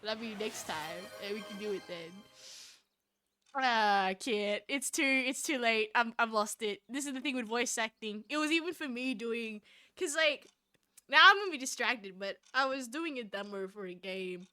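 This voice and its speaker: A woman's voice: a little high, normal speed, sharp tone, dry recording, studio quality, soft background music. A young woman streaming a game live, chatting and giggling with her chat between read-aloud lines.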